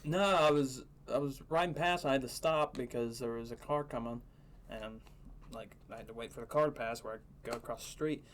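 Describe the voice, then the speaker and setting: A man's voice: medium pitch, a little fast, a little hiss or hum. A young man co-hosting a podcast, telling crude stories in casual chat and laughing often. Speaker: podcast co-host.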